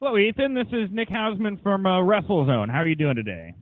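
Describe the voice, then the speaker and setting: A man's voice: high-pitched, expressive, a little fast, no room sound. A man, a wrestling reporter, calling in to ask questions on a conference call in a friendly, bantering tone over the phone. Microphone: telephone. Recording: dry, tinny phone line.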